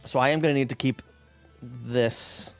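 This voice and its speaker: A man's voice: mid-range voice, steady tone, moderate pace, vocal fry, soft background music. A man streaming while he codes, chatting loosely with viewers, full of fillers and casual swearing. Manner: rambling, many fillers, swears casually, reads chat aloud. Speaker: streamer coding a game. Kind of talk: casual live-stream chat while coding.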